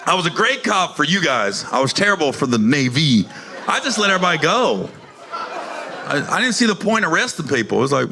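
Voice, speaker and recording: A man doing stand-up comedy, telling profane, animated stories and acting out the people in them. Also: on the high side, brisk, background noise. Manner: animated, profane, acts out characters in quotes.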